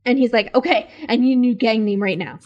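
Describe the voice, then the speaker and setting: A woman's voice: on the high side, fast, muffled recording. A woman co-hosting a podcast, casually recapping a movie with enthusiasm and playful quoted lines. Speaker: podcast co-host.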